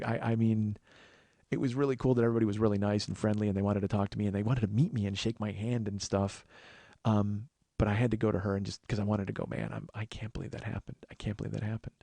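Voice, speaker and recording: A man's voice: lowish voice, dark tone, no echo. A man hosting a podcast, telling a long personal story in a rambling casual way, acting out what others said. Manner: rambling, with restarts and acted quotes of others. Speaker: podcast host.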